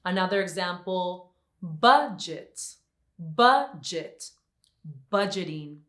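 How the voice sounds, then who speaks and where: A woman's voice: on the low side, a bit bright, roomy sound. A woman teaching English grammar in a scripted lesson, speaking carefully and repeating each example word for practice.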